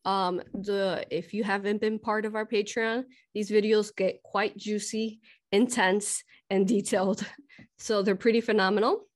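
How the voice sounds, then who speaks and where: A woman's voice: medium pitch, steady tone, unhurried. A woman hosting a live spiritual question-and-answer talk, emotional and often laughing, a little short of breath. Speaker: host and hypnosis teacher.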